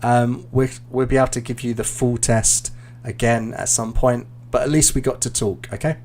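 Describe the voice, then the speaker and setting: A British man, an IELTS teacher, giving relaxed, explanatory feedback in a live online class, with plenty of ums and uhs. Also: medium pitch, normal speed.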